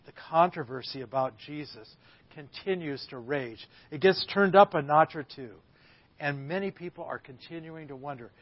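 A man's voice: on the high side, normal speed, husky, no room sound. A man as a guest preacher delivering a sermon, telling the story with dramatic emphasis. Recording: slightly muffled dry recording.

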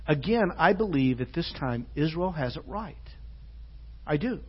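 A man preaching a sermon in a church. He is earnest, moving between hushed, soft passages and loud, emphatic ones. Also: on the high side, expressive, a little slow, breathy edge. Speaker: pastor. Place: church sanctuary. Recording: dull lo-fi church recording.

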